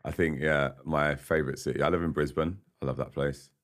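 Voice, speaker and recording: A man's voice: very deep voice, fairly even intonation, fairly quick, a bit bright. A man, a podcast guest chatting casually in a studio, rambling and laughing often. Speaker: podcast guest, singer-songwriter. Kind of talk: casual interview chat.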